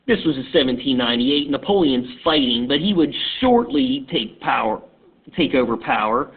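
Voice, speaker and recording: A man teaching history as a casual story, talking in a halting, conversational way, recorded on a tinny phone-like line. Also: medium pitch, animated, husky.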